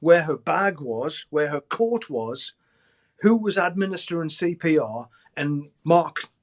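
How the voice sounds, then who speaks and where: A guest musician in his sixties tells a story in a podcast interview, swearing a lot and shouting quoted lines. His voice is fairly high and animated, with a slightly slow pace.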